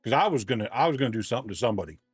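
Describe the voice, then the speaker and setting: A man casually telling a long story on a livestream, ranting and animated, often restarting his sentences. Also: mid-range voice, rapid-fire, slightly rough, no echo, clean studio sound, soft background music.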